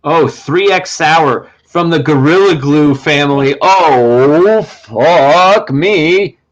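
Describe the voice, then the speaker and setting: A man's voice: on the high side, slow pace, muffled recording. Rambling, profane male livestream host. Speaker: podcast host. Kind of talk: casual livestream chat.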